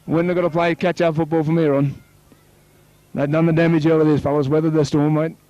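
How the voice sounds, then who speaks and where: Calling a local rugby league game, a man with an Australian accent talks quickly and slightly high, trading remarks with his co-commentator and shouting excitedly on tries. The recording has no echo, but the high frequencies are cut off.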